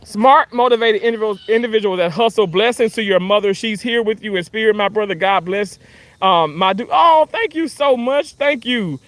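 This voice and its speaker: A livestream host in his thirties from Mississippi, USA, speaks with a Southern accent in a high-pitched, expressive man's voice at a moderate pace. He chats casually, reads comments aloud, and laughs often, and the recording is dry.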